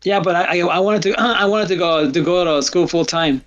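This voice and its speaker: A man hosting a livestream, chatting casually and telling rambling stories with halting restarts. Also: high-pitched, a bit bright, muffled recording. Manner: rambling storyteller, laughs often, halting restarts. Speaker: stream host. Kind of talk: casual chat.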